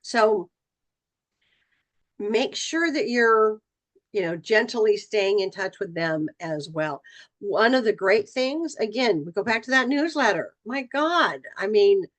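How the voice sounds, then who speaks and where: A woman's voice: medium pitch, expressive, takes it slowly. Casting: middle-aged woman, real estate trainer, chatty and direct, mid-range voice. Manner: conversational, acts out client dialogue. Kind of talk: training session talk.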